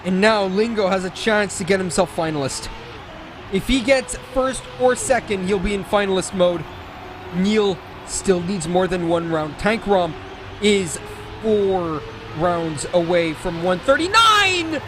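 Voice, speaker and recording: High-voiced excitable male esports caster. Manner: excitable, jokey, rapid self-corrections. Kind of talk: live play-by-play commentary. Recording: game engine and car noise underneath. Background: racing game sounds.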